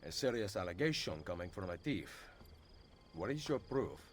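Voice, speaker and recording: A sly thief leader. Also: male voice, fairly low pitch, big pitch swings, moderate pace, a little hiss or hum. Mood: wry. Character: sly male thief leader, dry and calm.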